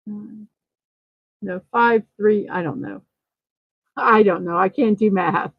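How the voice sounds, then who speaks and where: A woman's voice: mid-range voice, slow, creaky, husky, no room sound, highs cut off. A woman hosting a casual livestream morning show, chatting, reading viewer comments aloud and fumbling a little with numbers.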